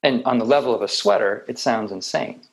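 A man giving a reflective meditation talk with light humor, often pausing and restarting his sentences. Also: medium pitch, creaky, rough recording. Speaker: meditation teacher.

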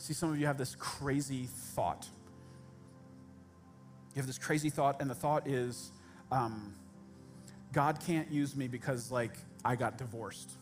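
A man's voice: medium pitch, fairly even intonation, measured pace, long pauses, soft background music. A man preaching a sermon as pastor, speaking directly and conversationally to his congregation with humorous asides.

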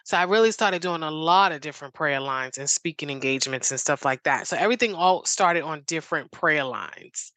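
A woman's voice: low-pitched, a little fast, few pauses, a bit bright, no echo. A woman guest on a talk show, telling her story in an eager, rambling way full of "like"s and restarts. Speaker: interview guest. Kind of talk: casual interview chat.

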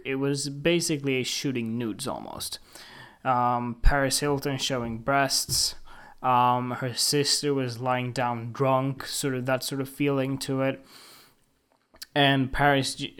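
A man ranting casually and indignantly about a photographer, emphatic and profane, with frequent halting restarts. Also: mid-range voice. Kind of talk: casual opinion rant to camera.

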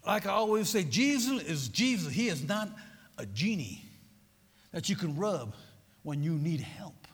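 A man preaching a sermon, repeating his phrases with emphasis and prodding the congregation with quick questions. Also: high-pitched, big pitch swings, husky. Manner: repetitive, emphatic, prods the audience with "huh?". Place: church sanctuary. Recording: long hall reverb.

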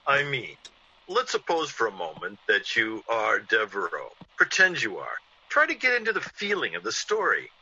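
A man's voice: medium pitch, wildly swooping pitch, moderate pace, sharp tone, slight background noise, exaggerated voice. An actor playing a man who acts out a vengeful ex-convict, in theatrical 1940s radio acting. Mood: coaxing. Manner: theatrical, menacing in the scene within the scene. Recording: dull lo-fi old radio recording.

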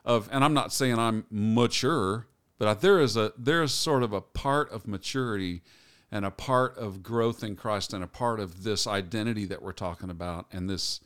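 A man's voice: on the low side, normal speed, a bit bright, clean tone. A middle-aged man co-hosting a podcast, telling stories and talking about faith in a casual, rambling way with many restarts. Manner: rambling, storytelling, self-correcting. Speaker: podcast co-host.

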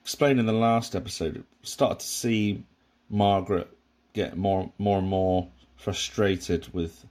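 A man's voice: low-pitched, fairly even intonation, slow pace, darkish tone. A man giving a casual, rambling commentary on a sitcom episode, with frequent restarts and asides. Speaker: podcast host reviewing a sitcom.

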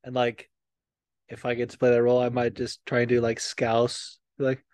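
A man hosts a podcast in a rambling, casual way, packed with swearing and fillers. His voice sits at a middling pitch. The studio sound is dry and close. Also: completely flat delivery, moderate pace, a little mellow, clear, resonant tone, no room sound. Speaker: podcast host. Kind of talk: casual chat.

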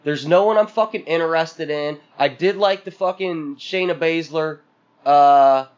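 A man's voice: a little high, a little slow, clear, resonant tone, muffled recording. A man co-hosting a podcast, venting in a profane, exasperated rant full of sarcastic mock quotes. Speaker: podcast co-host.

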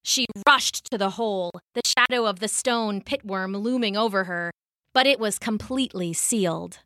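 A woman narrating a children's fantasy story in an expressive, measured way. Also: mid-range voice, no room sound, clean studio sound.

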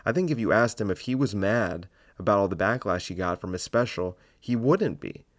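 A man's voice: on the low side, lively intonation, normal speed, no echo, clean studio sound. A man hosting his own podcast alone, talking in a blunt, provocative, rambling way. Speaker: podcast host. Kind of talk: casual solo podcast monologue.

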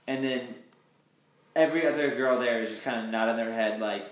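A man's voice: mid-range voice, brisk, echoey room. A man co-hosting a podcast, recapping episodes in casual chat and acting out quotes in mocking voices. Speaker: podcast co-host.

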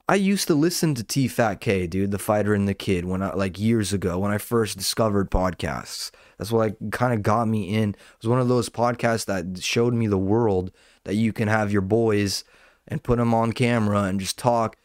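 A man's voice: on the low side, dry recording, studio quality. A man, a stand-up comedian, ranting casually on his podcast in a profane, rambling way with lots of restarts.

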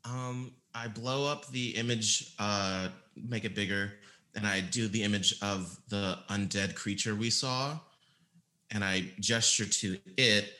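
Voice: low voice, steady tone, slow pace, sharp tone. A tabletop game player describing their character's actions playfully.

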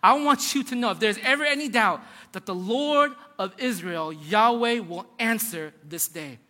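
A man's voice: high voice, normal speed, sharp tone. A man voicing a boastful prophet giving bold commands, as part of a sermon. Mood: commanding. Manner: commanding, declaiming. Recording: long hall reverb.

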